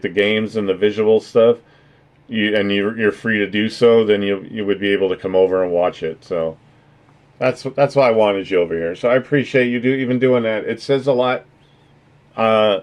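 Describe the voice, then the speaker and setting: A man's voice: lowish voice, a little mellow. A man chatting casually on his livestream, rambling and earnest, swearing freely as he thanks his viewers. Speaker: streamer.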